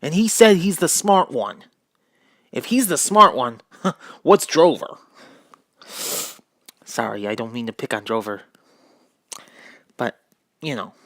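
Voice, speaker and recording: A man's voice: medium pitch, expressive, takes it slowly, pauses often, fairly bright tone, no room sound, studio quality. A man reading a children's book aloud at home, putting on a drawl for the dog narrator and breaking off to mock the text. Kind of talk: reading aloud with joking asides.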